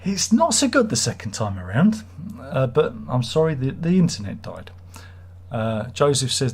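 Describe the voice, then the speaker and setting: A husky, slightly rough-voiced man rambles through a live stream. He reads viewer comments aloud and cracks self-deprecating jokes at an easy mid pitch. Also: very animated, normal speed, darkish tone. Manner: rambling, jokey, self-mocking. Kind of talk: casual live chat reading viewer comments.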